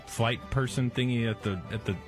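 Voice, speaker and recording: A man's voice: mid-range voice, fairly even intonation, moderate pace, over music. A man on a radio show, laid-back and jokey, recounting a travel story. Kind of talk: casual radio banter.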